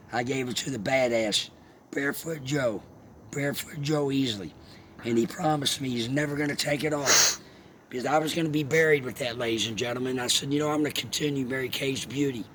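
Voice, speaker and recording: A man telling a heartfelt personal story in a rambling, halting way, as a vlogger. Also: medium pitch. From Alabama. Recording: steady background noise, vehicle sounds.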